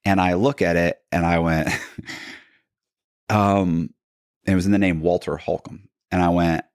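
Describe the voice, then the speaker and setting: A man, a podcast guest, telling stories in casual talk and acting out the other people in them with sudden jumps in pitch. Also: slow pace, long pauses, clean tone, no room sound, clean studio sound. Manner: animated, acts out quoted dialogue with pitch jumps. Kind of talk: casual storytelling.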